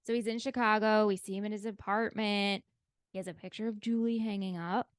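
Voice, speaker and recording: A woman's voice: medium pitch, a little fast, clear, resonant tone, dry recording. Dry-sounding woman co-hosting a recap podcast. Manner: animated retelling, acts out characters' lines. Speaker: podcast co-host. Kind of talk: casual recap chat.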